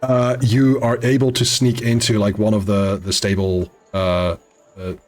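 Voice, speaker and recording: A man narrating a tabletop game as game master, halting and full of restarts. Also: on the low side, flat delivery, darkish tone, faint music behind.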